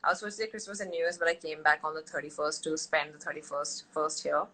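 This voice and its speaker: A young woman talks freely as a guest on an interview show, her voice bright and forward with a slightly low pitch. She tells animated stories, acting out quoted lines between the chat. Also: fast talker, rough recording. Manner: chatty, animated storytelling with quoted voices and laughs. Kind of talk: casual chat.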